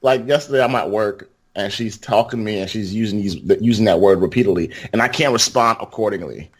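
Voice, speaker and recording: A man's voice: on the low side, a little fast. A man telling stories as a returning guest on a casual podcast, laughing often as he talks. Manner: animated storyteller, laughs often.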